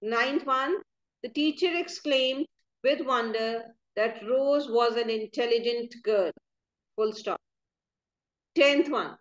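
A woman teacher giving a recorded grammar lesson, slowly reading out answers and dictating punctuation with care. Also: fairly high pitch, fairly bright tone, dull audio. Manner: slow, careful dictation of punctuation.

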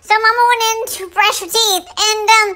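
A woman's voice: extremely high pitch, steady tone, moderate pace, bright, forceful tone. A woman voicing a sassy, pampered female French bulldog, telling a gossipy story with many ums. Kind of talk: storytelling pet vlog.

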